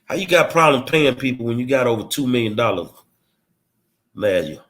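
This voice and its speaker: Expressive and a bit bright, his medium-pitched voice moves at normal speed as the political commentary host launches a combative, streetwise monologue full of blunt rhetorical questions.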